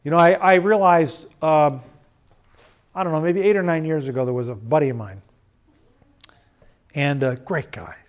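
A middle-aged man preaching a sermon, swinging between loud urging and quiet storytelling. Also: a little high, moderate pace, long pauses.

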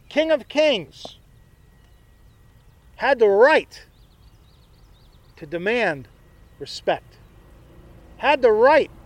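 A man's voice: high-pitched, no echo. A male pastor preaching a sermon in a conversational way, with joking asides to his congregation.

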